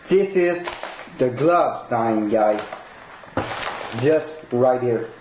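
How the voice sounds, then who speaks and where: Excitable man, non-native English, echoey room. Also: medium pitch, extremely slow. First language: not English. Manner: excitable, laughs often, broken English, swears. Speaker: collectibles unboxer. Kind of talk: unboxing vlog. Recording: echoey room with noisy background.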